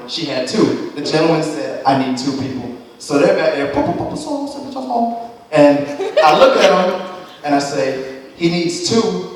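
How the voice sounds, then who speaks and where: A young man doing a profane, animated stand-up routine, acting out the people in his stories. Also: mid-range voice. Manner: profane, animated storytelling with voiced impressions. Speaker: stand-up comedian. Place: comedy club stage. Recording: echoey room from far off. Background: audience laughter.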